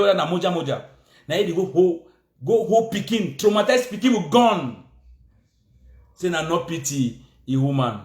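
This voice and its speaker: A man's voice: high-pitched, reverberant. A man with a Cameroonian Pidgin English accent, delivering a heated, repetitive political rant, scolding and insistent.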